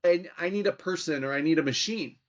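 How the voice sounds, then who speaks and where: A man's voice: on the high side, a little fast. A man from Minnesota, a political commentator, telling anecdotes as a podcast guest and acting out quoted exchanges. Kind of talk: storytelling interview talk.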